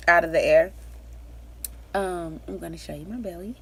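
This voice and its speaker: A woman's voice: low-pitched, fairly even intonation, fairly quick. A young pregnant woman giving a rambling, chatty vlog update, full of fillers and little laughs. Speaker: vlogger.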